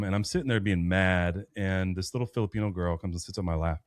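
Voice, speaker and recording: A man's voice: low-pitched, fast, hardly any pauses, no echo, studio quality. A man in his thirties, a podcast guest, telling a personal faith story in an earnest, rambling way with many restarts. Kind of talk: personal faith testimony in conversation.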